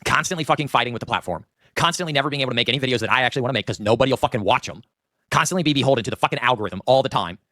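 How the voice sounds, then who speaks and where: A man's voice: medium pitch, very fast, pushed and bright, dry recording, clean studio sound. A man in his thirties ranting in a vlog monologue, profane, exasperated and self-pitying. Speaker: online video maker.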